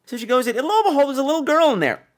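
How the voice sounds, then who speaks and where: A man's voice: very high-pitched, animated, racing. A man hosting a casual comedic horror film review, sarcastic and profane, acting out the scenes. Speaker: podcast host reviewing horror films.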